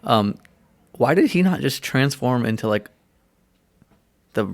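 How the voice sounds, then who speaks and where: A young man co-hosting a podcast, relaxed and chatty, often laughing and asking questions. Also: mid-range voice, measured pace. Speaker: podcast co-host. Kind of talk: casual movie review chat.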